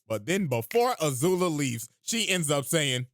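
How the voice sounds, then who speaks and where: A man's voice: a little high, big pitch swings, a little slow, few pauses, no room sound. A young man giving a profane, joking recap of a cartoon full of slang. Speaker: video host. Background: music.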